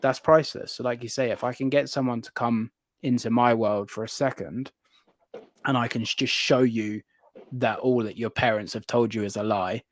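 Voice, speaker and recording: A British man in his late twenties or thirties, chatting as a guest and telling stories with animated excitement and bursts of laughter. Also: mid-range voice, normal speed, no echo. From United Kingdom. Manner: excitable, animated storyteller who often laughs mid-sentence. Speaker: guest reptile keeper. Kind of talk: casual storytelling chat.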